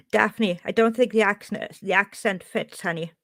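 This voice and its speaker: A woman's voice: mid-range voice, unhurried. A woman with a Welsh accent chats casually on her live stream. She talks straight to her viewers, reading out their comments and answering them as they come in. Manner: chatty, reads and answers chat.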